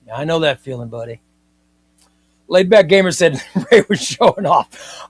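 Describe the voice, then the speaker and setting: A man hosting a casual live comics stream, chatting with viewers and reading their comments in a playful, excitable way. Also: a little high, normal speed, long pauses, slightly rough, dry recording.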